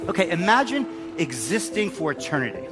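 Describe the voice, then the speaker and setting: Give me an enthusiastic man on stage, slightly high, with very expressive intonation. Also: a little fast, loud music behind the voice. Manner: enthusiastic, addresses the audience. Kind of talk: stage talk to an audience.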